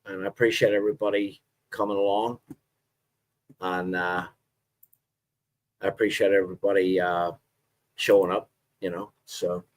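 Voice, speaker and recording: A middle-aged man with a Northern Irish accent, hosting a live stream and chatting casually with viewers in a relaxed, rambling way. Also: low voice, moderate pace, long pauses. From Northern Ireland. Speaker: livestream host.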